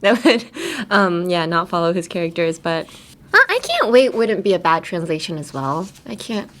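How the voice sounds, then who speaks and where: A woman's voice: on the low side, moderate pace. A woman hosting an English lesson podcast in a radio studio, chatting casually, laughing often and acting out playful pronunciation demos. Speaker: English teacher host. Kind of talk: casual teaching chat.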